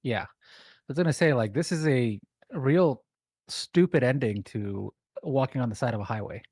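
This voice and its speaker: A man's voice: medium pitch, moderate pace, a little mellow, husky, no echo, clean studio sound. A man co-hosting a livestream, a former police officer adding wry, joking asides. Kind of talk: casual livestream commentary.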